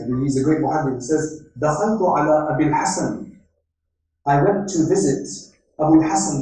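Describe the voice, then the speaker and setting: A man's voice: on the high side, darkish tone. A man giving an Islamic religious lecture, telling stories and quoting Arabic, often checking in with "right?". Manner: storytelling with Arabic quotations and frequent "right?". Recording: echoey hall, speaker far from mic.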